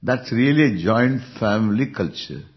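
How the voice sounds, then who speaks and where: A man with an Indian accent, a spiritual teacher giving an unhurried Vedanta discourse, chuckling often as he speaks. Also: mid-range voice. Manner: unhurried, chuckling, lively intonation. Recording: dull lo-fi recording.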